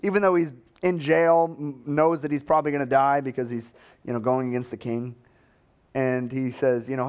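A man's voice: mid-range voice, little pitch movement, a little fast, darkish tone, clean tone. Man preaching a casual storytelling sermon. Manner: conversational storytelling, acting out quoted voices, chuckles.

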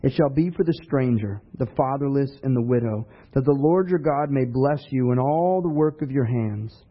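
A man's voice: mid-range voice, normal speed. A man preaching a sermon in a conversational way, asking rhetorical questions. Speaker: pastor. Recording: dull lo-fi recording.

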